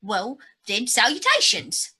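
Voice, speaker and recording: A woman's voice: a little high, huge pitch swings, takes it slowly, pushed and bright, slightly rough. Stammering, eager woman role-playing. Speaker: player. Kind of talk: in-character tabletop role-play.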